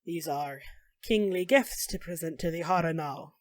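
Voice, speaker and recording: A grave, formal older elf elder, stern and accusing, delivered low and quiet, as a woman game master puts him on. The recording is dry and close. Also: normal speed, no room sound, lightly acted. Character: tall bony older male elf keeper, stern.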